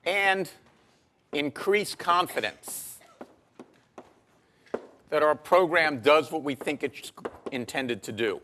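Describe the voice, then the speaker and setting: A man giving a university lecture in a lecture hall, measured and dry-humored, with frequent ums and uhs. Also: on the high side, sharp tone, a little hiss or hum. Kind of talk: classroom lecture.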